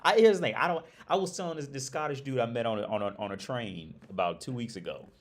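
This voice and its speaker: A fast-talking man with a medium-pitched voice runs a relaxed livestream from Prague, where he lives abroad. His talk to viewers rambles, with frequent restarted phrases.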